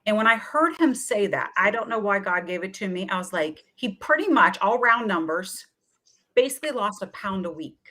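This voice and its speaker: A middle-aged woman, a wellness coach, telling lively stories in an interview and acting out what people said to her. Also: medium pitch, moderate pace. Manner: energetic, chatty, often acts out quoted voices. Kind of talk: animated storytelling in a talk-show interview.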